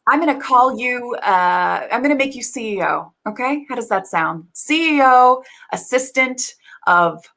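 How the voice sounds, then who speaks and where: A woman's voice: on the high side, animated, unhurried, creaky, bright, forceful tone, full character voice, low-quality recording. Bossy, condescending corporate executive woman, as an actress plays her; pompous, heavy on jargon, improvised comedy. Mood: haughty. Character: bossy female biotech executive, pompous and dismissive.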